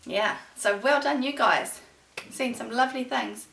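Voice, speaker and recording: A woman, a preschool teacher who reads poems and chats to young children in a warm, sing-song, encouraging way. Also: fairly high pitch, measured pace, creaky, slight background noise. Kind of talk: storytime lesson for young children. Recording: echoey room, voice from far off the mic.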